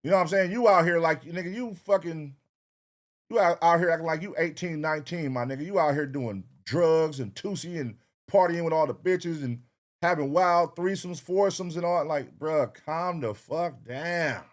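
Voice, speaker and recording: A man's voice: a little high, moderate pace. A man hosting a reaction show, talking casually and profanely straight to his viewers.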